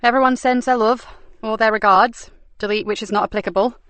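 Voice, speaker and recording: Woman doing a blunt tough lady cop, brisk and wry, bit higher and louder. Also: fairly even intonation, clear, resonant tone, dry recording, close to an everyday voice. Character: tough blunt female detective inspector.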